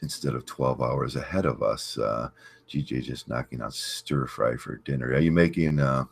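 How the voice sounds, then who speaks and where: A man hosting a casual livestream, greeting chat viewers and telling a story in a rambling, halting way with many fillers. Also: creaky, slightly rough. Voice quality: very deep voice. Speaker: livestream host.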